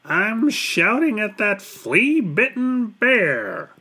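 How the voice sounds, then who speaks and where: A man voicing a fierce male eagle in a storybook, bellowing in a high, shrill voice. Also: huge pitch swings, drawn-out words, sharp tone, slightly rough, exaggerated voice. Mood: angry.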